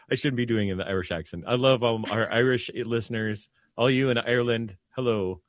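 A man, a priest, co-hosting a radio talk show in casual chat, talking calmly and dropping his voice low to soothe. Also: fairly quick, few pauses, no room sound, clean studio sound.

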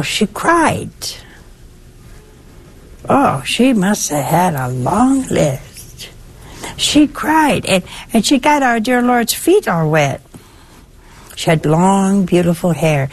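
An older woman preaches in an easy, conversational way. Her voice is husky and a little breathy. It swings up high and drops low as she makes her points. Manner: lively, conversational, with wide swings in pitch. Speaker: religious speaker. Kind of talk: sermon-style talk.

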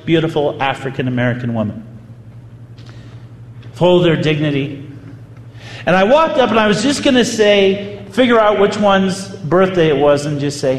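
A man, a priest, telling a story in a sermon with animated, vivid delivery. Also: fairly high pitch. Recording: echoey hall, faint ambience.

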